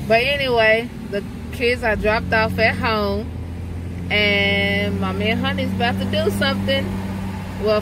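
A woman's voice: medium pitch, noisy background. A woman, a mother, chatting casually to her viewers in a vlog. She laughs often and talks straight to the camera about her day. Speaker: vlogger, mother. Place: outdoors and in a car, sunny day.

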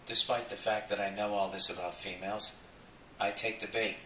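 A man hosting a podcast, telling a profane comic story with sudden loud outbursts. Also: on the low side, normal speed, roomy sound, far from the mic, a little hiss or hum, low-quality recording. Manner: profane, animated, jumps into loud acted quotes. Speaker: podcast host. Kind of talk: comedic storytelling monologue.

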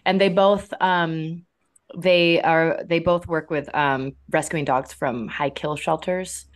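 A woman's voice: low voice, steady tone, slow pace. A young woman, a drummer, chatting casually as a podcast guest, with frequent laughs and restarts. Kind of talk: casual interview chat.

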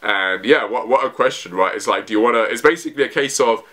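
A man's voice: mid-range voice, fast, pushed and bright. A man casually reviewing a comic chapter to camera, rambling with many restarts and fillers. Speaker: manga reviewer.

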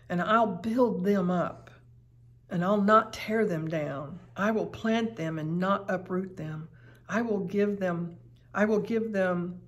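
A woman teaching a daily Bible study in an earnest, emphatic way, often repeating her phrases. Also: lowish voice. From United States.

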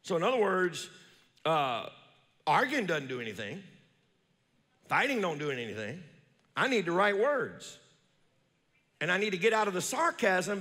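Man preaching in a reverberant church. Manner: preaching with call-and-response to the congregation, reading scripture slowly; swings from loud high emphasis to low quiet asides. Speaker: pastor. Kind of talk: sermon. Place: church sanctuary. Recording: long reverb of a large church.

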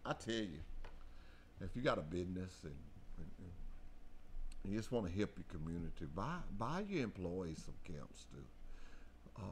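A man hosting a local radio talk show, folksy and excitable, often repeating himself. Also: deep voice, normal speed, pauses often, slight background noise.

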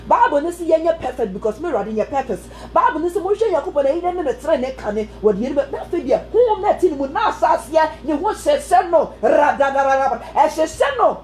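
A woman preaching an animated sermon, telling a testimony with sudden exclamations and snatches of song. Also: sits high, fast talker, hardly any pauses, low-quality recording. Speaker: prophetess preacher. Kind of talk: sermon testimony mixing Twi and English.

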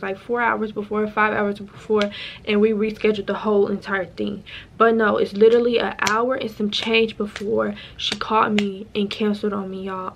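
A woman's voice: mid-range voice, a little hiss or hum. A woman, venting to camera in a casual vlog, upset and fighting back tears. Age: 20s. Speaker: vlogger.

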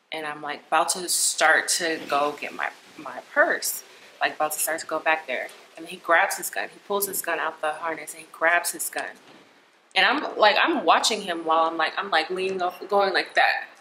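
A woman's voice: low-pitched, sharp tone, slight background noise, poor audio. A young woman, retelling a personal experience in a conversational, emotional way with many fillers. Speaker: vlogger. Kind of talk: personal storytelling.

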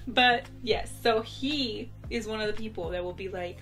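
A woman's voice: mid-range voice, moderate pace. A young woman vlogging in a casual, chatty way, often laughing and throwing in exaggerated mock retorts. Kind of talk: casual chatty rant to camera. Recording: soft background music.

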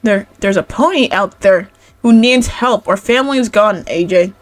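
A woman's voice: mid-range voice, normal speed, natural voice. A woman reading the lines of a determined little pony filly in an urgent, insistent voice.

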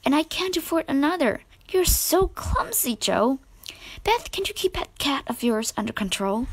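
A woman's voice: high voice, very animated, moderate pace, gravelly, pitched above the performer's own voice, heavily acted. A woman voicing a fussy, complaining young older sister in a storybook reading. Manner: complaining, snappish.

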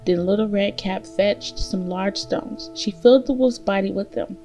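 A woman reading a fairy tale aloud as storyteller, gentle and steady. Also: medium pitch, normal speed, faint music behind.

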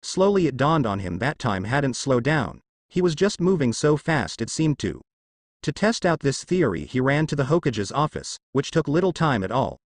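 A man narrating a fan fiction story in a plain, steady reading style. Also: medium pitch, moderate pace, no room sound, clean studio sound.

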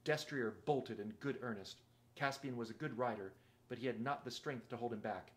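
A man reading a novel aloud in a steady, measured narrating voice. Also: mid-range voice. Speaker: reader.

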